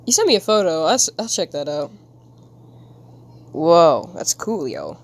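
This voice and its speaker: A woman's voice: deep voice, very animated, unhurried, long pauses. A woman streamer chatting casually with her viewers while she draws, giggling and rambling in a silly way. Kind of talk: casual live-stream chat while drawing.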